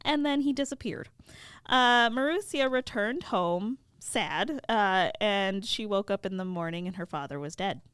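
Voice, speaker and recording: A woman podcast co-host retelling a fairy tale casually, with animated, laughing asides. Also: medium pitch, measured pace, clear, resonant tone, dry recording, studio quality.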